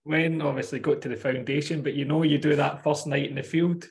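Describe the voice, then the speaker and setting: A man's voice: on the high side, steady tone, brisk. A male podcast host asking questions in casual interview chat, easygoing, with matey asides and casual swearing.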